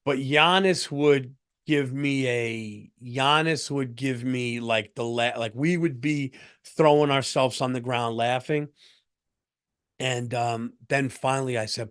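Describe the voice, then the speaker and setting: A middle-aged man hosting a comedy podcast, telling a story in an animated way, stumbling over restarts and breaking into laughter. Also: medium pitch, measured pace, smooth.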